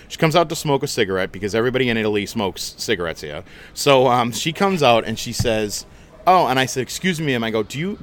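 A man hosting a podcast, telling a story in a casual, animated, chatty way and swearing freely. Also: mid-range voice. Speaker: podcast host.

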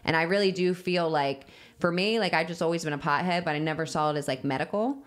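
Woman host, low voice, rambling casual talker. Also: fast. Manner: chatty, filler-heavy, swears casually. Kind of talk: casual podcast chat.

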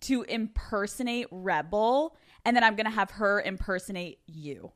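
A woman's voice: mid-range voice, normal speed, a bit bright. A woman hosting a podcast, chatting with enthusiasm and gushing over her guest. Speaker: podcast host. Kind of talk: casual chat.

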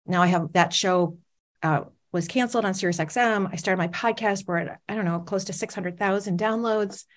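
A woman's voice: medium pitch, normal speed. Woman speaker on stage, dramatic storytelling, asks the crowd stuff, 40s. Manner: dramatic storytelling, audience questions. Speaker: motivational speaker.

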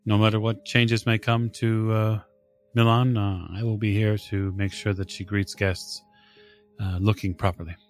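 A man plays a proud, dutiful middle-aged station sweeper with an Italian accent, raised a little higher than a low speaking voice. He talks in short, halting phrases, plain and friendly, like a figure in a tabletop role-playing game. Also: level tone, soft background music, natural voice.

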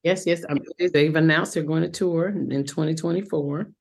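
A woman's voice: low-pitched, steady tone, moderate pace, breathy edge. A woman with a Southern accent, a Broadway actress chatting casually as an interview guest over a video call, calling people honey. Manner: warm, chatty, calls people honey and boo.

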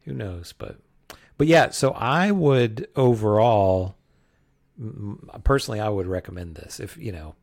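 A man's voice: on the low side, animated, measured pace, creaky, darkish tone. A man co-hosting a podcast, reviewing a film in casual chat, rambling and hesitant. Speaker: podcast co-host.

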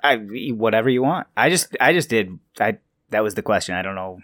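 A man's voice: lowish voice, animated, brisk, a bit bright, no room sound, studio quality. A young man hosting a casual podcast chat, easygoing and often repeating words as he thinks.

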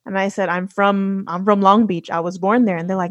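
A woman's voice: medium pitch, brisk, muffled recording. A young woman from the United States, a podcast guest, talking casually with lots of fillers and restarts. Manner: storytelling with many fillers and restarts. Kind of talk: casual conversation.

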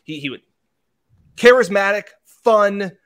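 Male sports reporter, chatty storyteller, slightly high voice. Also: animated, takes it slowly, a bit bright. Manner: chatty storyteller, mimics interview exchanges. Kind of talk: sports talk discussion.

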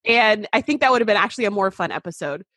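A woman co-hosting a casual chat, retelling scenes sarcastically and acting out quick asides. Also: mid-range voice, expressive, pushed and bright, no room sound, studio quality. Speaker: podcast co-host.

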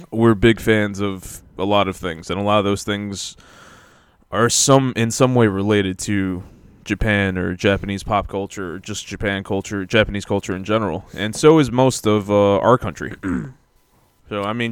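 A man's voice: on the low side, moderate pace, clean tone, dry recording. A man hosting a casual podcast, joking in a laid-back way and laughing often. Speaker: podcast host. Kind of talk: casual chat.

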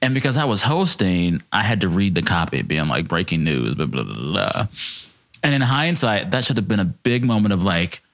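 A man in his thirties, from Texas, telling animated stories in a casual podcast chat and jumping into high voices for the people he quotes. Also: brisk, hardly any pauses. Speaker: podcast guest.

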